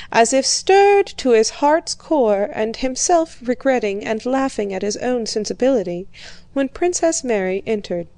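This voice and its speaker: Woman reading a novel aloud, measured and calm, a little high, dry close sound. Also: vocal fry, no room sound. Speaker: audiobook reader. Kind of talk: scripted narration.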